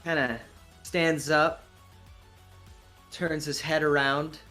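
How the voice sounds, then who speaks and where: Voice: mid-range voice, steady tone, slow pace, sharp tone, soft background music. A game master narrating a tabletop game in a casual, rambling way, full of swearing.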